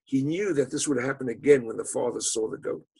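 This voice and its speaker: A man telling a story to an audience as part of a lecture, with dramatic, emphatic delivery and phrases that fall away to a hush. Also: mid-range voice, brisk, creaky, husky, poor audio.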